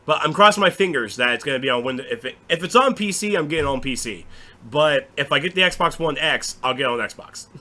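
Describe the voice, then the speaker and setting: A man hosting a casual recap of game news, excitable and swearing freely. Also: a little high, fairly quick. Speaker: gaming show host.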